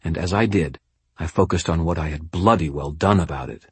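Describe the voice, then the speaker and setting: A man's voice: deep voice, brisk, husky, no echo. A man narrating a first-person audiobook in a tense, gritty storytelling manner.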